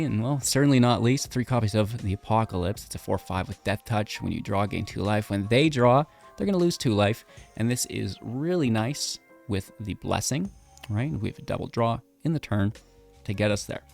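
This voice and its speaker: A man's voice: on the low side, gravelly. A man giving upbeat, chatty commentary on a card game deck and his matches, thinking aloud as he plays. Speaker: gaming content creator.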